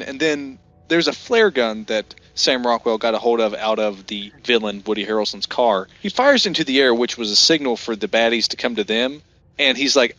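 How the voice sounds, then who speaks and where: A man's voice: medium pitch, moderate pace, fairly bright tone, highs cut off. A man co-hosting a casual movie-review podcast who retells scenes and acts out the lines. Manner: retells scenes with acted-out quotes. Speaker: podcast co-host.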